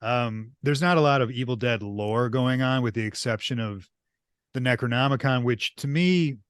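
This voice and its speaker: A man co-hosts a casual podcast, speaking at an average middle pitch. He is easygoing and agreeable, dropping quick interjections as he talks movies. His voice is dry and close, without room echo. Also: smooth. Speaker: podcast co-host. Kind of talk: casual chat about horror movies.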